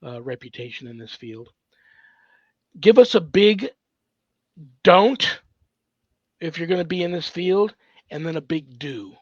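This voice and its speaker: A man's voice: on the high side, expressive, measured pace, pauses often, no room sound. Effusive man host, dull dry sound. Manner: warm, effusive, blessing the guest. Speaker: host, priest. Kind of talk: casual interview chat.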